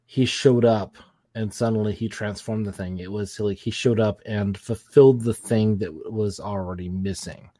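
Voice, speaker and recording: A man co-hosting a podcast, chatting casually about old films, rambling through lots of fillers and breaking into animated mock impressions. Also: fairly low pitch, normal speed, no room sound, clean studio sound. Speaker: podcast co-host. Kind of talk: casual film-review chat.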